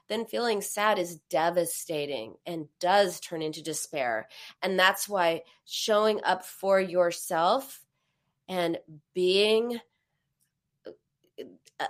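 A middle-aged woman hosting a live advice conversation, talking in a reassuring way and acting out comforting words. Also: fairly low pitch. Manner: warm, reassuring, acts out comforting quotes. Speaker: host and therapist.

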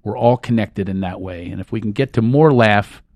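A middle-aged man as a talk-show guest, calmly guiding listeners through a laughter and breathing exercise and often breaking into giggles. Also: lowish voice, moderate pace, no room sound. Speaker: guest, laughter and life coach.

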